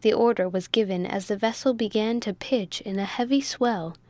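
A woman narrating a classic sea novel as an audiobook, in a steady, clear reading. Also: mid-range voice, moderate pace, no room sound. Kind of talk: scripted narration.

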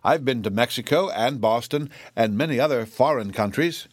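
A man's voice: mid-range voice, moderate pace, dry recording, studio quality, close to an everyday voice. A man voicing a genial, well-traveled vagabond in a storybook, speaking with a boastful air.

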